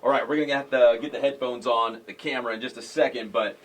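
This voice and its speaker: A man hosting a sports talk show, speaking in an excitable, jokey way. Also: mid-range voice, fast.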